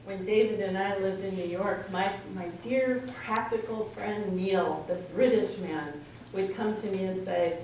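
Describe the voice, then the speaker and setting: A woman's voice: mid-range voice, a little slow, darkish tone. Woman speaking in an echoey room from afar. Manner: storytelling, acts out dialogue. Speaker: spiritual speaker. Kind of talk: sermon-style personal talk. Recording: echoey room from far off, faint noise.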